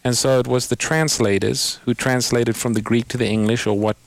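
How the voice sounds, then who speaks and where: A man hosting a call-in radio Bible program, patiently explaining scripture and slowing down to quote verses. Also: mid-range voice, steady tone, vocal fry, no room sound. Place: radio studio.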